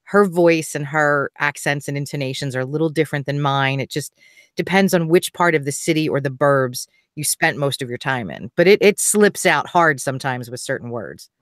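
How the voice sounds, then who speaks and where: A woman with a Philadelphia accent, a podcast guest in casual chat, animated and quick to laugh. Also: low voice, dry recording, studio quality.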